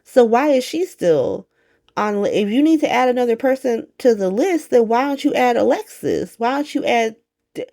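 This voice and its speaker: A woman recapping a soap opera in a casual vlog, talking in a slangy, profane, animated way. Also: a little high, moderate pace, gravelly.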